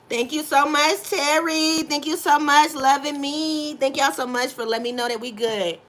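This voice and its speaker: A woman's voice: high voice, fairly even intonation, normal speed, few pauses, a bit bright, a little hiss or hum. A woman giving a live tarot reading, effusive and repetitive, greeting chat viewers as baby and y'all. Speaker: tarot reader.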